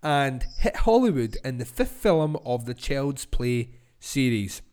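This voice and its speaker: A man's voice: mid-range voice, big pitch swings, slow, clean tone. Sweary man ranting about a film. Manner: sweary, laughing, builds into loud tirades. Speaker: podcast host. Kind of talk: casual film-review rant.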